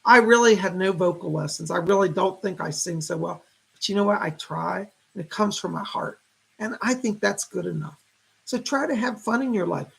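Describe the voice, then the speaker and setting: A man in his fifties hosting a casual psychic livestream, chatting warmly with viewers and greeting them by name. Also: high-pitched, moderate pace, creaky, breathy edge. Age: 50s.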